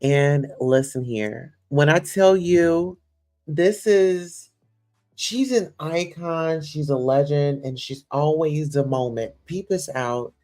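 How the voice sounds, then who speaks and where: A woman's voice: deep voice, takes it slowly, warm tone, soft background music. A young woman hosting a casual livestream chat, effusive and gushing, full of "you know" and "listen here.". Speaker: host.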